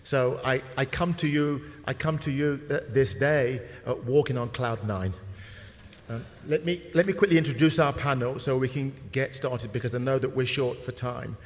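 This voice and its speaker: A man's voice: mid-range voice, normal speed. A man moderating a panel, talking to the audience in an affable, informal way. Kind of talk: speech to a conference audience. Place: large conference hall. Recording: reverberant hall with faint noise.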